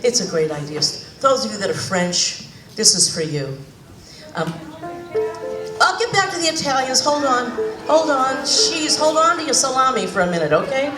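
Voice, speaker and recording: A woman's voice: on the high side, sing-song, moderate pace. A woman from Boston with a Boston accent, a cabaret singer chatting and joking with a live audience between songs. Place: senior center hall. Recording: echoey hall, mic at a distance, loud piano.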